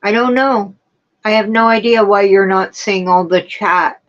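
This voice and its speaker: A woman's voice: mid-range voice, a little slow, lo-fi sound. A woman hosting a casual livestream, chatting and answering her viewers' comments one by one. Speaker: livestream host. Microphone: streaming setup with laptop.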